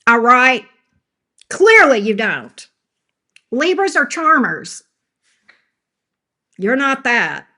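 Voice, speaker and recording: A woman's voice: fairly high pitch, big pitch swings, takes it slowly, pauses often, pushed and bright. A woman doing a live tarot reading who talks back to chat with sass, scolding troublemakers and laughing often. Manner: sassy, scolding chat trolls, laughs a lot. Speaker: tarot reader.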